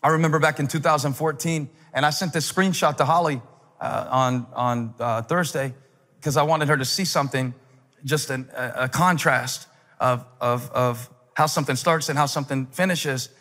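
A man in his forties preaching a sermon as a pastor, telling stories with humor and building up to shouted climaxes. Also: on the high side, moderate pace, long reverb tail. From United States. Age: 40s.

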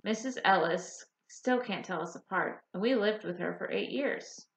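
A woman's voice: medium pitch, moderate pace, creaky, close to an everyday voice. A woman voicing an earnest young woman who longs to be an inventor, pleading and restless in an audiobook. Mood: protesting. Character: eager young woman, anxious dreamer wanting to invent. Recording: roomy, slightly dull audiobook recording.

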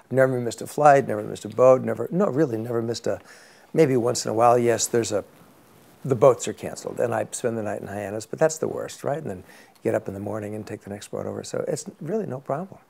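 A man's voice: medium pitch, quick pace, creaky, darkish tone. An older man, an actor as interview guest, telling rambling anecdotes in a casual chat and often repeating words.

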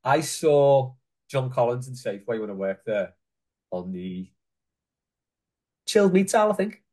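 A podcast host with a medium-pitched, darkish, breathy voice speaks in an animated but unhurried way. He leads a casual football fan podcast, chatting freely and handing the floor to his co-hosts.

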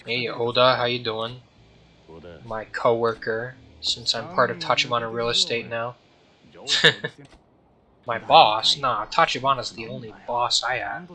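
Bright-voiced young man rambling over gameplay. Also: mid-range voice, steady tone, unhurried, long pauses, low-quality recording. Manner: rambling, joking, mumbles and trails off. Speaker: gameplay streamer. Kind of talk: casual gameplay commentary.

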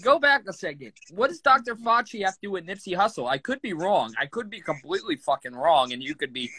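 A man's voice: high-pitched, fast, slightly rough, dry recording, rough recording. A man hosting a casual live stream, teasing his guest and reacting with laughing disbelief. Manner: incredulous, laughing, deadpan teasing. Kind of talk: casual comedic chat.

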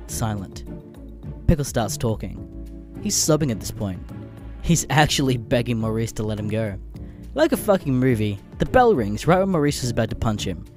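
A man narrating comedic internet stories with crude, deadpan asides, a little under the weather. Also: medium pitch. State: a bit sick.

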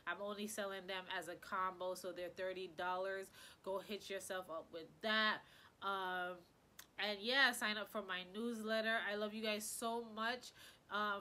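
A woman's voice: medium pitch, bright, forceful tone. A woman hair care vlogger chatting casually to camera, effusive and rambling, with a stuffy nose. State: stuffy-nosed.

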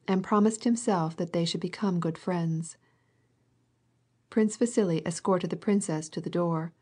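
A woman reading a classic novel as an audiobook narrator, measured and even. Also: fairly low pitch. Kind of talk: scripted narration.

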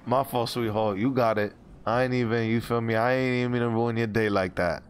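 A young man streaming outdoors on a city street with a headset, loud and laughing, teasing people in heavy slang. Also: medium pitch, fairly even intonation, a little fast. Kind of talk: street livestream banter.

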